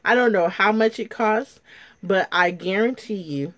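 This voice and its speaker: A middle-aged woman vlogger tells her viewers a personal story in a casual, chatty way, addressing them as "ladies." She is emotional and close to tears, speaking unhurriedly in a mid-range, slightly bright voice.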